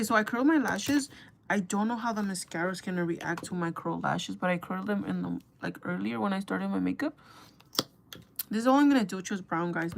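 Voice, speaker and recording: A woman's voice: on the low side, gravelly, noisy background. A young woman chatting casually to her viewers while doing her makeup, gossipy and talkative, calling them girl and guys. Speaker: beauty vlogger.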